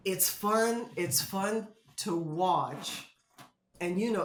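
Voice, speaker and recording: Animated woman telling stories, echoey room. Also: on the low side. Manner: animated storyteller who laughs often and does voices. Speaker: guest, former basketball player and commentator. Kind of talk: casual interview storytelling.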